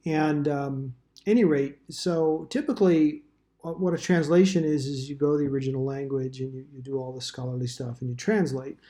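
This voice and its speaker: A man's voice: mid-range voice, dark tone. A man teaching a Bible study class in a casual, rambling way, with dry asides.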